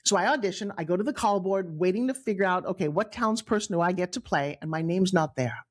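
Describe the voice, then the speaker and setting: Middle-aged new york woman telling her life story on a podcast, lively, does little voices for people she quotes. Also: lowish voice, fast talker. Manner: animated, acts out quoted voices, frequent restarts. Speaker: guest storyteller.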